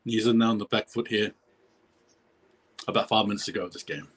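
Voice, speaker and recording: A man's voice: on the low side, little pitch movement, brisk, a bit bright, breathy edge. A man giving live play-by-play commentary on a match as a stream host, rambling and correcting himself, his voice jumping up at big plays.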